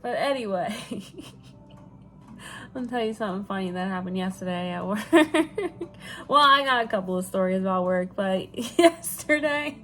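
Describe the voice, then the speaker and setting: A woman's voice: fairly high pitch, fairly bright tone. A woman with a stuffy, nasal voice from allergies, telling stories in a casual vlog, laughing often and swearing. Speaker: vlogger.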